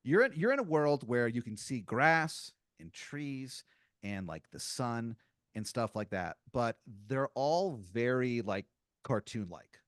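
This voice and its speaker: A man's voice: medium pitch, sing-song, takes it slowly, a bit bright, dry recording, studio quality. A man co-hosting a podcast, rambling through an improvised story full of "like" and "you know". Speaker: podcast co-host.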